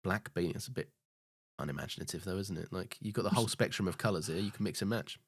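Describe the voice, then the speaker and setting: A man's voice: sits low, quick pace, husky, dry recording. A British man co-hosting a podcast, chatting in a laid-back, teasing way with casual swearing, recorded close and dry. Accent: British English. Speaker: podcast co-host. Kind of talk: casual chat.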